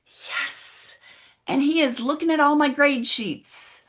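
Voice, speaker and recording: This motivational speaker has a high, fairly bright voice and takes her time, speaking slowly. She delivers a keynote at an online event with the audience in chat, telling a story and putting direct questions to them.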